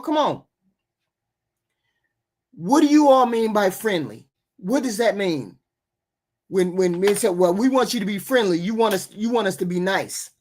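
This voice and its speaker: Impassioned woman arguing on a livestream. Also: mid-range voice. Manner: impassioned, argumentative, repeats herself. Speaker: host. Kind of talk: livestream talk show. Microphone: remote call.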